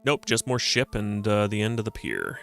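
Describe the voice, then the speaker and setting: A man's voice: fairly low pitch, very animated, normal speed, gravelly, a bit bright, soft background music. A man streaming a retro adventure game, joking around and reading the game's text aloud. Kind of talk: casual game commentary.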